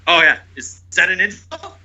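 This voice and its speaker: A man's voice: high voice, very animated, brisk, bright, forceful tone, breathy edge, dull audio. A man co-hosting a podcast, mostly chiming in with short agreeing replies during a casual movie chat. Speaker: podcast co-host.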